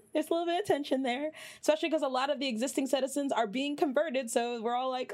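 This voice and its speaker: A woman hosting a podcast, chatting casually and rambling, swearing freely, with her voice jumping up high when she gets worked up. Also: quick pace, hardly any pauses. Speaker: podcast host. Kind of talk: casual chat.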